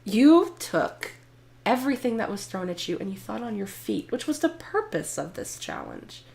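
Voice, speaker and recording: A woman's voice: fairly high pitch, sing-song, normal speed, vocal fry, a little mellow, slight background noise. A woman voicing a bossy but affectionate female judge in a tabletop game, with a teasing tone. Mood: fond.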